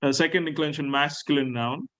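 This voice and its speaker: A man lecturing a class on Greek grammar, slowly repeating key words and asking his students questions. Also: on the high side, a bit bright, rough recording. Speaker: Greek teacher.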